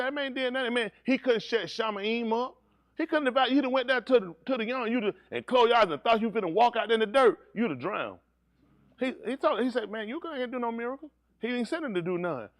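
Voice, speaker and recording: A male pastor preaching a sermon, swinging between low, steady teaching and high, shouted preaching, teasing members of his congregation. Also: fast talker, dry recording.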